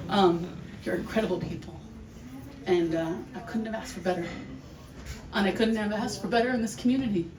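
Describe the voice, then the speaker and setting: Woman giving a halting, emotional eulogy. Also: mid-range voice, crowd noise. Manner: emotional, halting with restarts and laughs. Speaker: family member giving a eulogy. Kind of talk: heartfelt memorial speech. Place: large hall with an audience. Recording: echoey room, distant mic, noisy.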